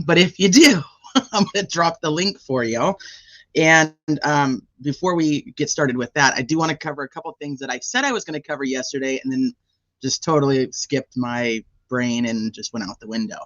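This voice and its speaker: A man's voice: mid-range voice, normal speed, fairly bright tone, no echo, lo-fi sound. A man hosting a casual livestream and chatting with viewers, with a sore throat. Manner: chatty, greets viewers by name. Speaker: livestream host.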